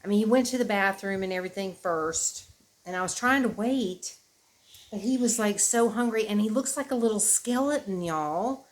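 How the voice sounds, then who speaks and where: A woman's voice: mid-range voice, moderate pace. Woman rambling fondly to camera. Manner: rambling, tender, emotional, says "y'all". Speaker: vlogger. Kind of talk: casual chat to camera. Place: at home indoors.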